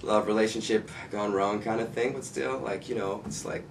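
A man's voice: on the low side, moderate pace, gravelly. A man in a band answering interview questions casually, full of "like" and "you know". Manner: relaxed, filler-heavy, says like and you know a lot. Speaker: band member. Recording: distant mic, faint noise.

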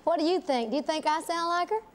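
A woman's voice: very high voice, quick pace. A woman, a celebrity guest on a TV chat show, bubbly and giggly as she plays along with a prank call. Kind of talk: playful studio chat. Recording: TV studio with live audience.

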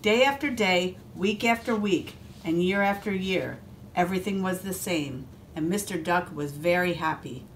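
A woman police officer reading a picture book aloud to a first grade class, expressive and adding asides to the children. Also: on the low side, normal speed, slight background noise.

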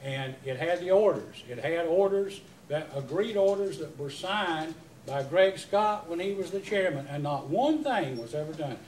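A man's voice: a little high, expressive, moderate pace, hardly any pauses, a little mellow, a little hiss or hum. A man, questioning a witness at a public hearing, emphatic and rambling with many restarts. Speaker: utility commissioner at a public hearing. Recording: echoey hearing room, mic at a distance.

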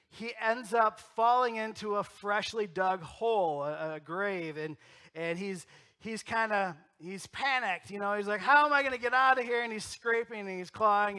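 A middle-aged man pastor delivers a storytelling sermon in a church. His voice sits high for a man and rings bright and forward. He swings from punchy, loud emphasis to soft, intimate asides. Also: smooth. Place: church sanctuary.

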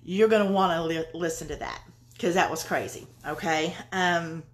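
A woman's voice: lowish voice, moderate pace, a little hiss or hum. A middle-aged woman with a Southern US accent, an author reading her own book aloud and then chatting with her live viewers in an effusive way, swearing freely.

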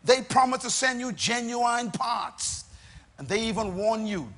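Slow, emphatic preacher with a high, bright voice. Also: male voice, expressive. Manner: emphatic preaching with repetition and dramatic pauses. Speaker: pastor. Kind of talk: sermon.

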